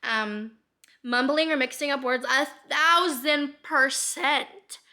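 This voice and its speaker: A woman in her twenties talking candidly in a personal vlog, rambling with lots of fillers, casual swearing and speed that shifts between fast and slow. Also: high-pitched, sharp tone. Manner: rambling with many fillers and frequent laughs. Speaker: vlogger.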